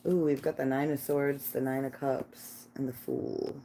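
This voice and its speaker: Chatty woman on a phone livestream in her living room, low mellow voice, slow, faint hum behind. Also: level tone, gravelly. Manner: chatty, laughing, talks to her cat and chat. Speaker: tarot reader livestreaming. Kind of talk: casual livestream chat.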